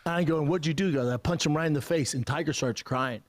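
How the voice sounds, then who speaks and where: A man's voice: fairly high pitch, fast. A man telling a casual, profane anecdote on a podcast, acting out the other voices in it. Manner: animated anecdote, acts out quotes, profane. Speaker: podcast guest telling a story. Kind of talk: casual storytelling.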